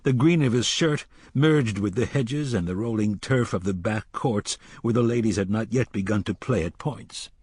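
A man narrates an audiobook in a measured, dramatic way. His voice is low and husky, recorded close and dry with no room sound. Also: darkish tone, no echo.

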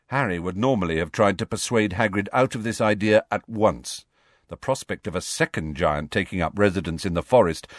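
A man narrating an audiobook in a measured, expressive reading. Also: fairly low pitch, no echo, studio quality. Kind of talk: scripted narration.

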